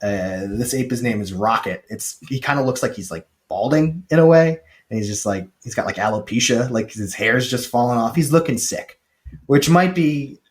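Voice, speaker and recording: A man co-hosting a casual podcast, retelling a film with jokes and quick paraphrased lines from its characters. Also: mid-range voice. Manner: chatty, joking, quick paraphrased quotes. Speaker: podcast co-host recapping a film. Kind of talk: casual chat.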